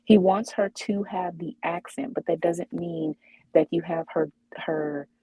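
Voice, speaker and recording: A woman co-hosting a podcast talks slowly and thinks out loud, with many ums and restarts. Her voice is low and mellow with a husky edge. The sound is dry and close. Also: dry recording, poor audio. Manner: hesitant, many fillers and restarts. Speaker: podcast co-host. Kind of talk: casual chat.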